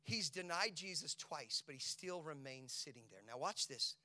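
A male preacher delivers a sermon in a bright, forceful voice that sits a little high for a man. He keeps asking his listeners questions. He falls to hushed whispers, then builds to shouted peaks. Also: animated, normal speed. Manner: swings from hushed whispers to loud, shouted climaxes; asks the congregation rhetorical questions.

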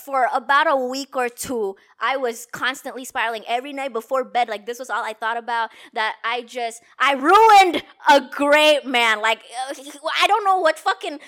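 A woman's voice: sits high, normal speed, few pauses, a bit bright. A young woman hosting a podcast, telling a story in rambling casual chat with swearing and frequent laughs. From Indonesia. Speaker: podcast host.

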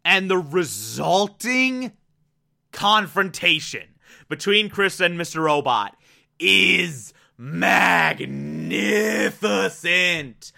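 A man giving a casual, excitable episode recap, with lots of "like" and "uh" and some swearing. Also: high voice, very slow, creaky. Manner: excitable, profane, filler-heavy.

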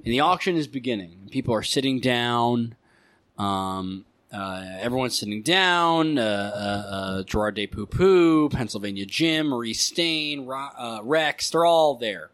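A man running a tabletop game session as game master, narrating in a loose, rambling way full of fillers and stops. His voice sits at an ordinary middle pitch. The recording is dry and close, with no room sound. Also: animated, unhurried, a bit bright, no room sound.

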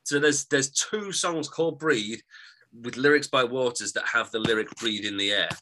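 A man's voice: medium pitch, moderate pace, sharp tone, slight background noise, rough recording. A man co-hosting a podcast in casual chat, rambling and correcting himself with a joking tone. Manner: rambling, self-correcting, jokey. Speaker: podcast co-host.

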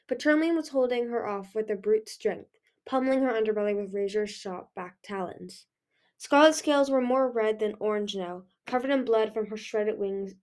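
A young woman reading a fantasy novel chapter aloud in an expressive way. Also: on the high side. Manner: expressive, lively. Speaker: reader. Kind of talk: audiobook-style reading.

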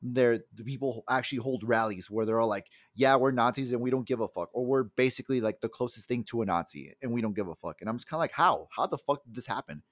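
A man's voice: medium pitch, fast, hardly any pauses, no echo, studio quality. A young man from the El Paso area, co-hosting a casual podcast and telling a story in a heated, profane way. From El Paso area, USA. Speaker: podcast co-host.

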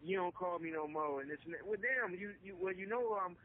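A man's voice: high voice, fairly quick, a little hiss or hum. A man co-hosting a casual chat, blunt and slangy, acting out quoted voices. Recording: tinny phone-like sound.

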